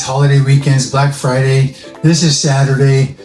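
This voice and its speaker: A man's voice: on the high side, moderate pace, mellow. A man hosting a casual workshop vlog about building models from scrap, chatty, rambling and self-amused. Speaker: toy-scrap model builder, channel host. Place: home workshop at a workbench. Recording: echoey room with faint music.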